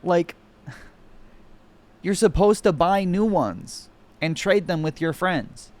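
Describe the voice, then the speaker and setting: A man's voice: sits high, slow pace, a little mellow. A man streaming, reacting with sarcastic, profanity-laden mockery in casual commentary. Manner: profane, mocking, sarcastic rants.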